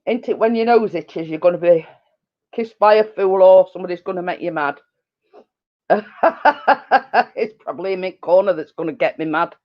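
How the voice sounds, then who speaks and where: This middle-aged woman chats casually on her live stream from home in the living room, rambling along with giggles and fillers. Her low-side voice is animated at a normal speed, captured in a dull lo-fi home recording.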